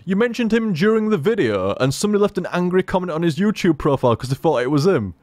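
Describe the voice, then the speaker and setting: A man's voice: high-pitched, very animated, fast talker, darkish tone, no echo. A man in casual rambling chat as a gaming commentator, chatty, laughing at himself and swearing freely.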